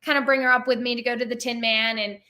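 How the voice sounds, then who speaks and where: Chatty young woman guest, bright tone, says like a lot, laughs easy. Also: fairly high pitch, little pitch movement, fast talker. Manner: chatty, many "like" fillers, laughs often. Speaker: theme park performer, interview guest. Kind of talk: casual interview storytelling.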